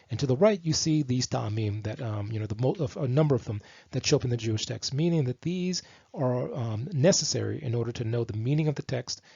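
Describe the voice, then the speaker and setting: A man's voice: mid-range voice, darkish tone, breathy edge, no echo, muffled recording. A man explaining Hebrew text and translation from slides, talking with frequent fillers and restarts. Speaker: teacher of Hebrew texts. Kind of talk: slide-based lecture. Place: lives in Israel.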